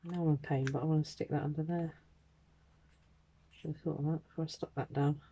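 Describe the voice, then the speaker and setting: A woman's voice: sits low, little pitch movement, brisk, warm tone, muffled recording, slight background noise. A woman vlogger chatting casually as she crafts, self-deprecating, muttering asides to herself and sometimes dropping to a whisper. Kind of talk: casual crafting chat while working.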